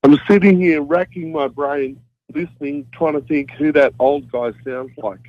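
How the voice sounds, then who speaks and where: A man's voice: fairly high pitch, steady tone, moderate pace, a little mellow, dull audio. A man calling in to a radio show, chatty and musing. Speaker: caller. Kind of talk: phone-in comment.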